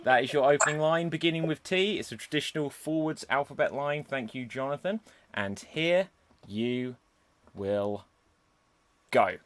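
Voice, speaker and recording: A man's voice: mid-range voice, normal speed, dry recording. A man hosting a live improv comedy show over a video call, upbeat as he reads out suggestions. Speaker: host.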